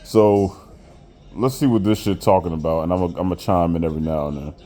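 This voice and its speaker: A man giving a profane, animated rant while reviewing a wrestling show, often laughing and jumping high in mock disbelief. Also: brisk, soft background music. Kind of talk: profane rant commentary over a watched show.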